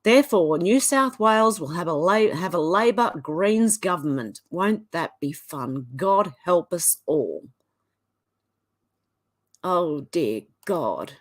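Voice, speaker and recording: A woman with an Australian accent, giving casual commentary and reading posts aloud. She sounds indignant and sarcastic. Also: lively intonation. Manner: indignant and sarcastic, quick swings in pitch. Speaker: commentary vlogger.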